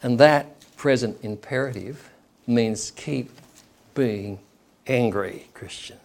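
A man's voice: mid-range voice, slow, vocal fry, darkish tone. A man preaching a sermon in a conversational way, acting out the people he quotes.

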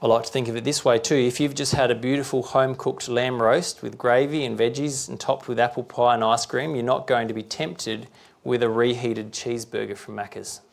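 A man delivers a sermon in a conversational, down-to-earth preaching style, often pausing to ask his listeners rhetorical questions. His voice sits at a mid pitch with a gravelly, creaky texture. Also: steady tone.

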